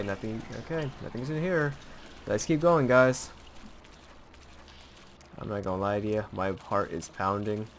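A man giving jumpy, swearing commentary on a horror game to his viewers. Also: on the low side. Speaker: gameplay commentator. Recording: clear background noise.

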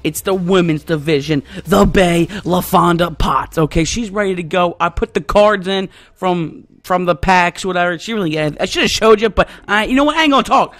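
A man giving excited live gameplay commentary as a YouTuber, full of loud yelps, shouts and trash talk. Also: high-pitched, normal speed, few pauses. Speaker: gaming YouTuber.

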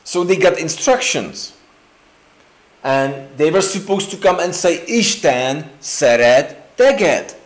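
A man preaching an informal, joking sermon in a church, full of fillers and restarts. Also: high-pitched. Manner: chatty and joking, with many fillers and slow restarts. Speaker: pastor. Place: church sanctuary indoors.

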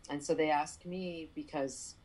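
Husky-voiced woman telling a story. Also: deep voice, measured pace, poor audio. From New York, Puerto Rican family. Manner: animated storyteller, acts out voices, many fillers and restarts. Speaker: playwright guest. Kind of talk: storytelling in an interview.

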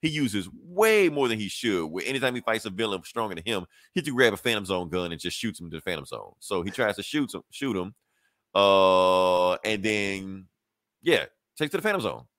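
Low-voiced man casually recapping a comic. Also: big pitch swings, moderate pace, fairly bright tone, no echo, clean studio sound. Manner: loose, slangy retelling with quoted character voices. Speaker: podcast co-host.

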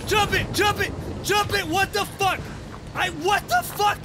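A very high male voice yells and swears through horror game commentary. His delivery is loud and excitable. A heavy hiss of noise runs under the recording. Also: unhurried. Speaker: gaming video creator.

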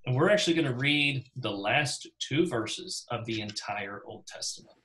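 A man's voice: mid-range voice, expressive, moderate pace, a bit bright, low-quality recording. A man leads a Bible class with a mid-range voice and a loose, talky delivery. He calls on people by name and slips into little character voices whenever he quotes someone. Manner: conversational, calls on class members. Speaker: Bible study teacher.

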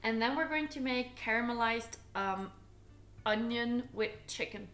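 A woman's voice: on the high side, a little slow, fairly bright tone, echoey room. A woman chatting casually with her viewers while she cooks in her home kitchen, teasing herself and giggling. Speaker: cooking livestreamer. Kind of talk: casual live cooking stream chat.

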